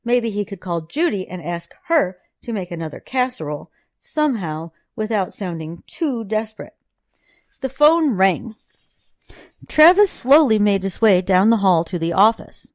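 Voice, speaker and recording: A woman narrating a novel chapter in a steady, even storytelling delivery. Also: mid-range voice, unhurried, no room sound, studio quality. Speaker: audiobook narrator. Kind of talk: audiobook reading.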